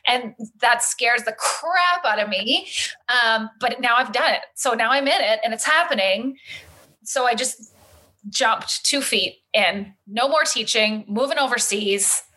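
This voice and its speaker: Bright, animated Canadian woman. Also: fairly high pitch, unhurried, low-quality recording. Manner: animated storytelling, acts out voices. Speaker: guest, community founder. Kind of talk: casual conversation.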